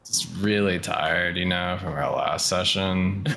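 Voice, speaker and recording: A man's voice: sits low, a little slow, vocal fry, a bit bright. A man playing a tabletop game, making wry, joking asides in casual chat. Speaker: player.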